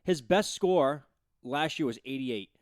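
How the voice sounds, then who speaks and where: A man's voice: medium pitch, lively intonation, unhurried, no room sound, studio quality. A man on a casual sports chat, asking curious questions and reading stats aloud. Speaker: podcast co-host.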